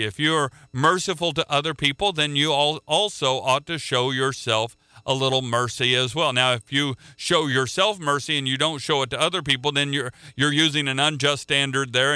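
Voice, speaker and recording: A man's voice: mid-range voice, bright, forceful tone, clear, resonant tone, no room sound. A man preaching a sermon in an earnest way, often repeating words as he restarts a thought.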